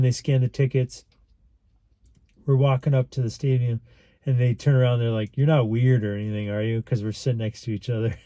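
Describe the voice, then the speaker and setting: A man's voice: mid-range voice, warm tone, dry recording. A man telling a personal story to camera in a casual, rambling, earnest way, acting out what others said. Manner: rambling, earnest, acts out quoted lines. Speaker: vlogger.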